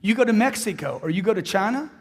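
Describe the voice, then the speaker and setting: A man's voice: sits high, quick pace, breathy edge. A man giving a motivational speech to a live audience, talking emphatically, repeating lines for effect and acting out conversations. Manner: animated, repeats lines for emphasis and acts out dialogues. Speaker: motivational speaker. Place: large hall with live audience. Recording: long hall reverb from a stage.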